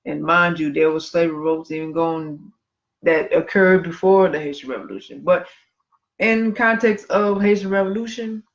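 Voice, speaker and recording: A man's voice: on the high side, normal speed. A man co-hosting a casual podcast, reading history aloud and breaking off for chatty asides. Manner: conversational, reads passages then comments with asides. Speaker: podcast co-host. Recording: dull lo-fi livestream audio.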